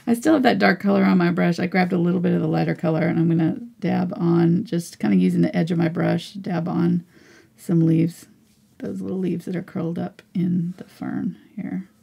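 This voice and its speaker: A woman in her forties teaching a live painting lesson, chatty and encouraging, often slipping into soft whispers as she works. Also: lowish voice, little pitch movement, moderate pace, creaky, slightly rough. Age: 40s. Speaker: art teacher.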